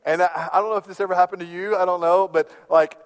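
A middle-aged man preaching a sermon as a pastor, telling stories with big swings from hushed to loud. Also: sits high, fairly even intonation, fast talker, smooth. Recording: long hall reverb.

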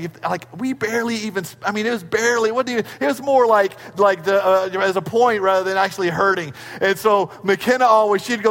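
A middle-aged man with a high voice preaches a sermon, and his words ring out with a long reverb in a church sanctuary. He tells family stories in an animated way, sometimes sliding into squeaky impressions of his kids. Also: fast, hardly any pauses. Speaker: pastor.

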